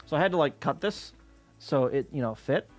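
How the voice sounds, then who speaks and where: Animated, profane man ranting casually. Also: a little high, normal speed, soft background music. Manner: profane, ranting, exasperated storytelling. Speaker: streamer. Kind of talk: casual chat with chat while working.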